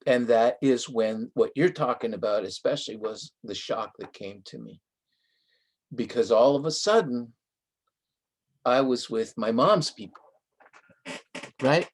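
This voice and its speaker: An older man from Southern California, a guest author, telling a story in a relaxed, conversational way and slipping Spanish phrases into his English, with laughs along the way. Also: medium pitch, unhurried, pauses often. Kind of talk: conversational storytelling in a live online interview.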